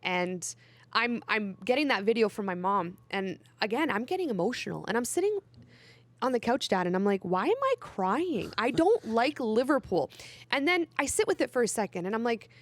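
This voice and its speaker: A woman's voice: mid-range voice, lively intonation, brisk, no echo. A young woman hosting a casual chat, talking in a chatty, emotional way and laughing easily. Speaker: host.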